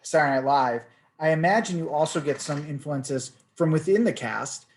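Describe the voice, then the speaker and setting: A man's voice: a little high, normal speed. A man hosting an interview, asking questions hesitantly and laughing often. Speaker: host.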